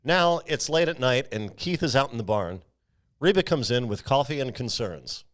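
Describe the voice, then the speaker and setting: A man's voice: mid-range voice, lively intonation, moderate pace. A man hosting a podcast, recapping a film in casual chat with frequent jokes and laughter. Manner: jokey, laughs often.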